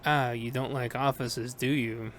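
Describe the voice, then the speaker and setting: A man reading the part of a stern middle-aged woman captain with a Russian accent, curt and measured. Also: mid-range voice, level tone, fairly bright tone, slight background noise, lightly acted.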